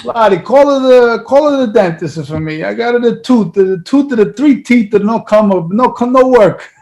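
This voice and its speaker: A man's voice: high voice, animated, moderate pace, a little mellow, voice pushed up. A man voicing an elderly Italian immigrant father, stubborn and cheerful, with an Italian accent and broken English. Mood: complaining. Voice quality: broken English, sing-song.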